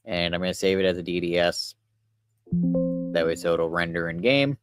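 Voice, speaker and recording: Low-voiced young man streaming casually. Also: a little fast, loud music behind the voice. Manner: relaxed, rambling, talks to chat while working. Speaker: livestreamer. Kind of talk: casual livestream commentary.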